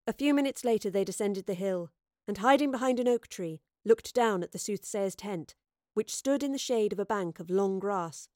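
A woman narrates a storybook in a steady, measured voice. Her pitch sits in the middle, and the recording is dry and close with no room echo. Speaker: audiobook narrator. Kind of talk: scripted narration.

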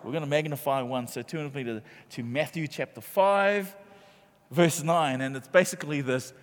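A male pastor delivers a sermon in a large church auditorium, his fairly high voice trailing off into a long reverb. He calls on the congregation to answer him and lifts his voice on the key points. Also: normal speed. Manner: call-and-response preaching, grows loud on key points.

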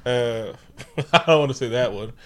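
A man's voice: mid-range voice, measured pace, a bit bright. A man co-hosting a podcast, casually recapping a movie in a loose, profane, joking way. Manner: loose, profane, laughing storyteller. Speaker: podcast co-host.

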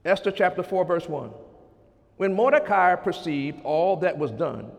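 A man preaching a sermon with a high, gravelly voice that carries a long hall reverb. He reads scripture aloud and presses his points with fervent repetition, rising loud and then dropping to a hush. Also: lively intonation, measured pace. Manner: fervent, repeats phrases, swings from loud to hushed.

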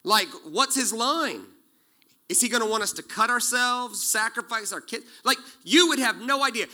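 High, bright-voiced preaching man in his forties. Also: a little slow. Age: 40s. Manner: animated storytelling with jokes and acted-out quotes. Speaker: pastor. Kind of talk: sermon.

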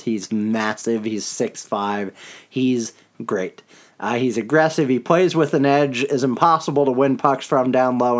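Young guy riffing on hockey, rambly and animated, laughs a lot, average pitch. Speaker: podcast co-host. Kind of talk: casual hockey chat.

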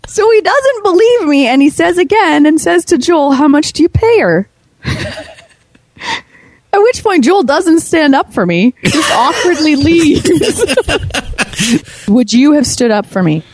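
A woman's voice: sits high, expressive, no room sound. Chatty woman radio co-host, dry studio sound. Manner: chatty, self-mocking, quick anecdotal delivery. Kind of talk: storytelling on a morning radio show.

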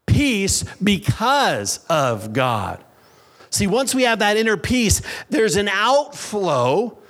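A man preaching a sermon as pastor in a church, with slow, emphatic phrases and pauses. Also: sits high.

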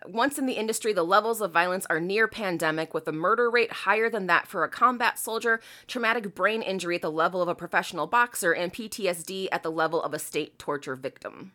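A woman's voice: on the low side, fast talker, few pauses, bright, forceful tone. A woman co-hosting a casual chat, reading quotes aloud and mocking them with sarcastic, laughing, incredulous asides. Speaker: podcast co-host.

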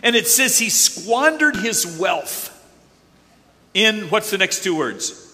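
A man preaching a lively sermon, joking with the crowd and calling on volunteers. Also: high voice, takes it slowly. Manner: animated, joking, calls on volunteers. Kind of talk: lively sermon with audience participation. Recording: echoey hall.

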